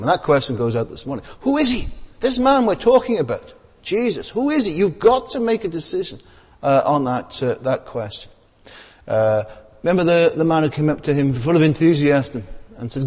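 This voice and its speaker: A man's voice: a little high, very animated, fairly quick, breathy edge, long reverb tail. A man preaching a sermon in a conversational way, full of tag questions and fillers.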